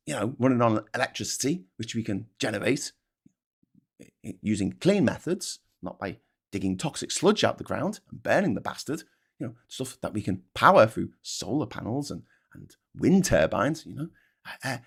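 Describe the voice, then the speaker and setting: A man delivers a heated, sarcastic rant, swearing freely and tripping over restarts. His pitch swings widely as he talks. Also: gravelly, husky. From Liverpool, England. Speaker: vlogger, channel host. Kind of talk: casual ranting monologue.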